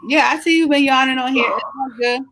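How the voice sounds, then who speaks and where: A woman's voice: high-pitched, dry recording. A middle-aged woman hosting a casual live chat, talking in a chatty, encouraging way and sounding tired. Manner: chatty, animated, encouraging, drawn-out emphatic words. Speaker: host, travel agency owner.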